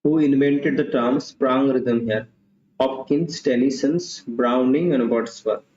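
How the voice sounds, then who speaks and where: A man's voice: mid-range voice, slow pace, darkish tone, slight background noise. Man tutoring, roomy lo-fi sound. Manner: repeats questions and options, mixes in Hindi asides. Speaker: English literature tutor. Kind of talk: online exam-prep class.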